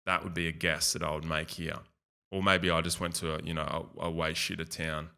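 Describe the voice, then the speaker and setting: A man's voice: very deep voice, flat delivery, brisk, vocal fry, pushed and bright. An Australian man hosting a video, giving casual, rambling commentary and often repeating himself. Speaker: video host. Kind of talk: casual commentary over a screen tour.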